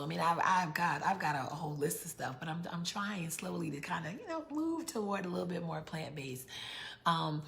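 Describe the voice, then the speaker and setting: A woman's voice: fairly low pitch, vocal fry, fairly bright tone. A middle-aged woman from New York, hosting a live book launch, chatting casually and reading out viewer comments. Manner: chatty, repeats words, reads out viewer comments.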